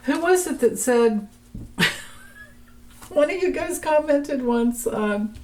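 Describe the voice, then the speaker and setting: A woman's voice: sits high, animated, slow, a little mellow. A woman giving a chatty tarot reading, laughing often and restarting her sentences as she talks. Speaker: tarot reader. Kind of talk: casual tarot reading vlog.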